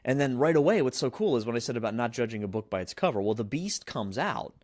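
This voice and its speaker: A man's voice: medium pitch, expressive, fast, darkish tone, dry recording, clean studio sound. A man hosting a podcast, retelling a film plot in a rambling, casual way full of fillers and restarts. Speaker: podcast host.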